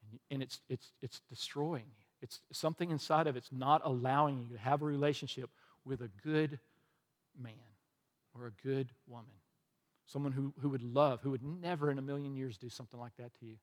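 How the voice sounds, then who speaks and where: A middle-aged man preaching a sermon, telling stories and moving from lively to quiet and earnest. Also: mid-range voice, a little fast. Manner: storytelling, shifts from animated to quiet and earnest. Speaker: pastor. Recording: long hall reverb.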